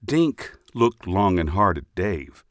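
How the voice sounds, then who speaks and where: A man reading a children's picture book aloud for a library phone story line, with expressive, lively storytelling. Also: low-pitched, takes it slowly, no echo, muffled recording. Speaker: storybook reader.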